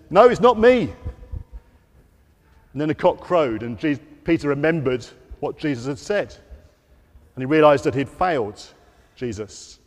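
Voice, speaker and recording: Man giving a lively all-age church talk. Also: a little high, big-room sound. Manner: lively storytelling to children, acting out quotes. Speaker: preacher. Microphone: wearing a microphone.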